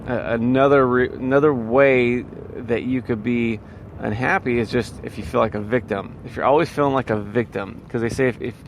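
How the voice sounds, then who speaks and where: A man's voice: medium pitch, steady tone, moderate pace, a little hiss or hum. A man in a casual motivational monologue, rambling and full of fillers and restarts. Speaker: vlogger giving life advice.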